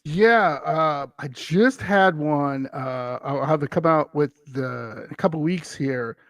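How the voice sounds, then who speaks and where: Gravelly-voiced man telling a ghost story. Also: a little high, slow, fairly bright tone, dry recording, clean studio sound. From Wisconsin, USA. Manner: rambling with frequent "uh" and chuckles. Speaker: guest, paranormal podcast host. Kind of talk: casual storytelling.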